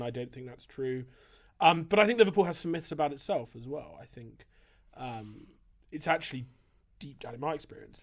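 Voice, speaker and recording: Man, priest, podcast guest, mid-pitched, thoughtful, hesitant, rambling answers. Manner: thoughtful, discursive, full of hesitations and restarts. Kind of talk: reflective interview answers.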